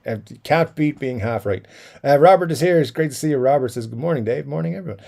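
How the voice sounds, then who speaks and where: Gravelly-voiced man chatting on a livestream. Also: medium pitch, lively intonation, quick pace, a little mellow. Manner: rambling, many fillers and chuckles. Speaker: livestream host reading chat. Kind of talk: casual live-stream chat.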